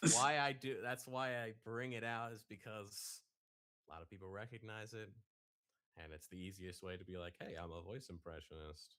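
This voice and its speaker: A man, a guest voice impressionist, chatting casually in a relaxed, self-deprecating way. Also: on the low side, normal speed, clean tone. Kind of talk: casual chat.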